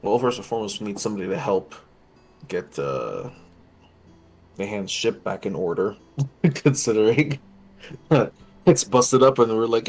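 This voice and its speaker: A man's voice: fairly low pitch, lively intonation, a little slow, long pauses, soft background music. A man playing a tabletop role-playing game, talking casually and laughing easily. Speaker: player.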